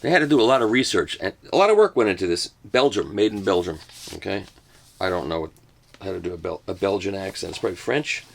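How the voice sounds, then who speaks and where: Older guy unboxing records, gravelly low voice, keeps cracking bad jokes. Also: animated, quick pace. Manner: joking, self-mocking asides. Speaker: host reviewing a record box set. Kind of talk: casual unboxing talk.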